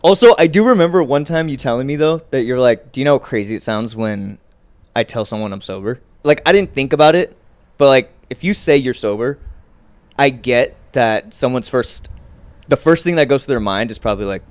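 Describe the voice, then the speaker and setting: A man with a mid-pitched voice co-hosting a podcast, telling stories in easygoing chat. He is laid-back and self-deprecating, breaking into laughs as he talks. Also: expressive, brisk. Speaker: podcast co-host. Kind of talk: casual storytelling chat.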